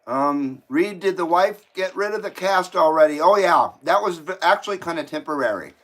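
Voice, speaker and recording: A man with a fairly high voice hosts a relaxed live stream from his home. He chats easily and reads out viewer messages, often talking with his mouth full. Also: moderate pace. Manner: chatty, talks while eating. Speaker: live stream host reading chat. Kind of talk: casual live-stream chat. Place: home, indoors.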